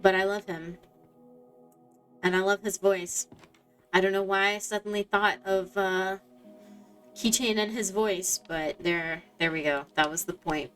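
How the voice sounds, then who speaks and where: A woman's voice: mid-range voice, fairly even intonation, measured pace, pauses often, a bit bright. Rambling young woman chatting while gaming. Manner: rambling, loses her train of thought, many fillers. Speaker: streamer. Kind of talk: casual chat while gaming. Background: faint game music.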